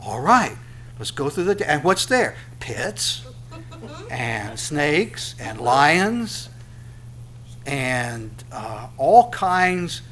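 A man preaching a sermon, animated, asking rhetorical questions and repeating phrases for emphasis. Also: a little high, very slow, slight background noise. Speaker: pastor.

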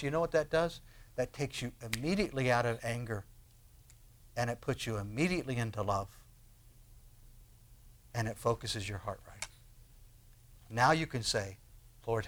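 A man preaches as pastor, alternating soft, low passages with booming, emphatic ones and asking his audience rhetorical questions. There is slight background noise.

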